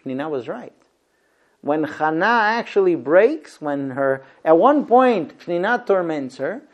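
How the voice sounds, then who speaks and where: A male teacher leads a Bible class, retelling the story with animated, lively storytelling. He often stops for rhetorical questions. His voice sits fairly high for a man.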